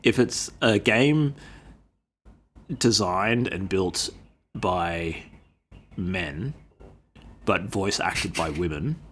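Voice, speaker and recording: An Australian man co-hosting a podcast, playful and quick to laugh, swearing casually. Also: sits low, a bit bright, slight background noise. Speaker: podcast co-host. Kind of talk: casual chat.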